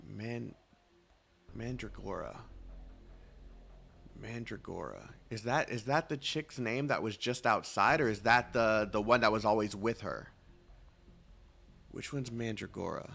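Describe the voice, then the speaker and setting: A man's voice: fairly low pitch, lively intonation, unhurried, gravelly, pauses often, a bit bright. A man streaming a game, chatting casually and reading dialogue aloud, rambling and self-mocking as he stumbles over names.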